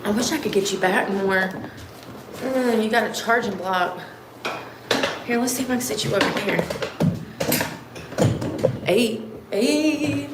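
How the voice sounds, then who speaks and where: Her voice sits on the high side and is expressive, a little slow and full of pauses, as she rambles through a casual livestream while emptying an indoor room for painting. She addresses both herself and her audience, swears lightly, and sounds sniffly and a touch breathless. Echo fills the space, with faint background noise.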